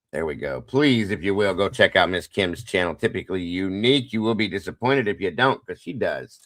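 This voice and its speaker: A man's voice: sits low, sing-song, normal speed, a bit bright, no room sound, clean studio sound. A man hosting a casual livestream, greeting viewers one by one by name with playful sing-song asides. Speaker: livestream host.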